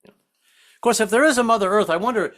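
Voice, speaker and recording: A man performing a stand-up comedy set, animated and self-deprecating, slipping in and out of character voices. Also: sits high, fairly quick. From Southern United States family. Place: online virtual comedy show.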